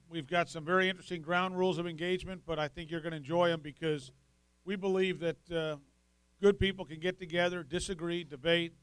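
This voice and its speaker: A man, a city mayor, welcoming guests and handing over to the next speaker in a relaxed, conversational way. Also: fairly high pitch, clean tone, no room sound. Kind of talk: welcoming speech.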